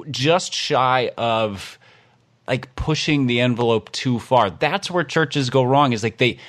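A man with an everyday middle-pitched voice co-hosts a podcast in easygoing chat. He talks with wry, teasing humor and slips in dry jokes. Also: fairly bright tone. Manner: wry, joking, teasing asides. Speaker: podcast co-host. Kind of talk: casual chat.

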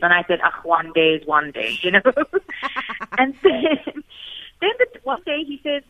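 A former radio co-host from South Africa, this woman has a medium-pitched, very animated voice and a moderate pace. She tells warm stories in a tribute chat with a South African English accent, acting out the quotes she recounts. The audio comes through a tinny, dry phone line.

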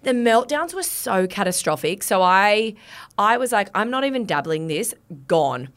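Woman, 30s, podcast co-host; lively, expressive pitch, blunt. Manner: lively, quick to react, blunt swearing. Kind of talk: casual chat.

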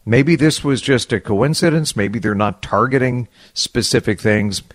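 A man's voice: mid-range voice, unhurried, no echo. A man co-hosting a talk radio show, chatting in a conversational way with fillers. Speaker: radio co-host.

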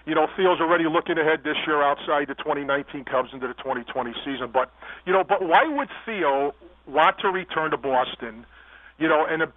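A man's voice: fairly high pitch, no echo. A man calling in to a sports radio show, rambling through his take and leaning on "you know" fillers, heard over a phone line. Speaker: caller.

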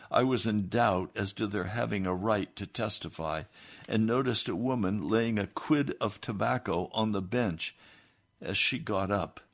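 A man reading a first-person story aloud in a plain, earnest way. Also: on the low side. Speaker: narrator.

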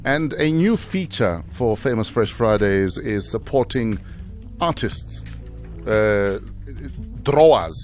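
Measured male breakfast radio host. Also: on the low side, animated, a little mellow, faint music behind. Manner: measured, short listening sounds, easy interviewing. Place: radio studio.

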